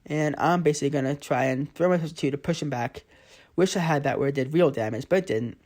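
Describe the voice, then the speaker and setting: A man's voice: a little high, quick pace, a little mellow. A man giving casual play-by-play commentary over his own mobile game footage, often exasperated. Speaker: gaming channel host.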